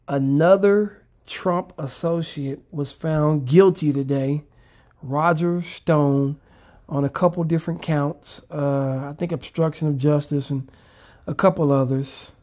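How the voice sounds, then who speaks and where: Low-voiced laid-back woman podcaster. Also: slow pace, warm tone. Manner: laid-back slangy talk. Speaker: podcast co-host. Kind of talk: casual podcast chat.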